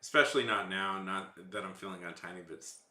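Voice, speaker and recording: A man's voice: deep voice, fast talker, sharp tone, echoey room. A man from Texas chatting casually on a livestream, rambling and joking, feeling a little sick. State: slightly sick. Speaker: streamer.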